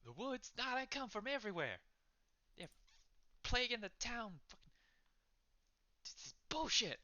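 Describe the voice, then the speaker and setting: A man's voice: extremely high pitch, big pitch swings, racing, a bit bright, pitched above the performer's own voice, heavily acted. A man voicing an angry drunk male tavern patron who swears and rants, on a slightly dull lo-fi recording. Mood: ranting. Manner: swearing, ranting.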